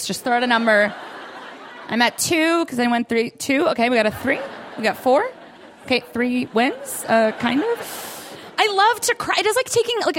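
A woman's voice: sits high, a bit bright, slight background noise. A woman in her thirties doing a self-deprecating stand-up set on a club stage, often laughing through her lines. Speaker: stand-up comedian.

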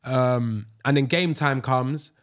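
A young man, co-hosting a podcast and telling animated stories in casual chat. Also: medium pitch, takes it slowly. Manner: animated storyteller, slips into excited voices. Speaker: podcast co-host.

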